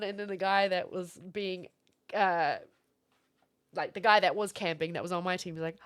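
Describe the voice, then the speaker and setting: A woman's voice: mid-range voice, brisk, soft background music. Chatty young woman streaming to viewers. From Florida. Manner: animated, swearing, reads out chat. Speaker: livestreamer. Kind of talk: casual chat with viewers.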